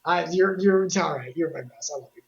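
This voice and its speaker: An aloof young hero from a video game, as a woman streamer mimics him, low-key and offhand but awkwardly affectionate. The pitch sits a little below her usual voice, and the audio is dull and lo-fi. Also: a little fast, creaky.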